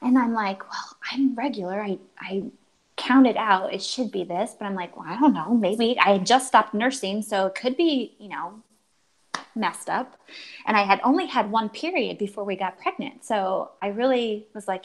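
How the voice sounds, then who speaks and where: A woman in her thirties shares a deeply personal story with earnest feeling. She acts out the dialogue as she quotes it and often restarts her sentences, speaking at a medium pitch. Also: moderate pace, poor audio. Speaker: guest telling her story.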